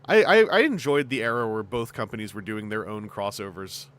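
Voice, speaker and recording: A man hosting a casual podcast chat, talking in a chatty, lively way with plenty of fillers. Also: on the low side, a little fast, slight background noise. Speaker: host.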